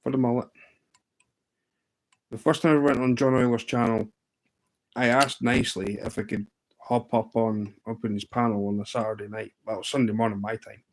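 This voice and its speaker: A livestream host tells fishing stories in a chatty way, often laughing. His mid-range voice has fairly even intonation at normal speed with long pauses, and the audio quality is poor.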